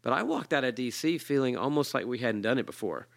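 Male podcast host, low gravelly voice, dry close recording, teasing conversational delivery. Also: lively intonation, fast, no echo. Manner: chatty, teasing. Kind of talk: casual chat.

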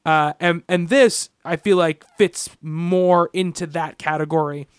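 A man's voice: fairly high pitch, steady tone, measured pace, clean tone, no echo, clean studio sound. A man co-hosting a casual comic book podcast, rambling through his points with many restarts. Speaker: podcast co-host.

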